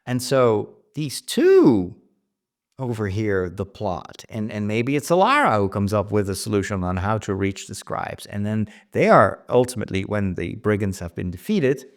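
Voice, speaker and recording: A man's voice: lowish voice, very animated, normal speed. A man hosting a casual writing vlog, thinking aloud about his story plans with frequent restarts. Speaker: writer and vlog host.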